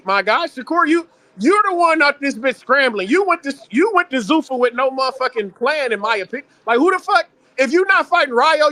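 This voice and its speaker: A man with a strikingly high, bright, ringing voice rants in heated panel talk, swearing constantly and hammering every point with emphasis. His voice sits close and dry on the mic. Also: no room sound. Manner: profane, ranting, emphatic.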